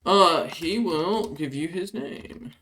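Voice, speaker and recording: Casual young game master, bright and loose, lots of fillers. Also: male voice, sits high, lively intonation, slow, far from the mic. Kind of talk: narrating a tabletop game.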